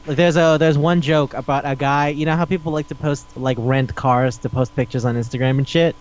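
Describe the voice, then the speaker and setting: Animated, swearing podcast guy, lo-fi. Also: on the high side, a little fast. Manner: animated, rambling, swears freely. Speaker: podcast co-host. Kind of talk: casual chat.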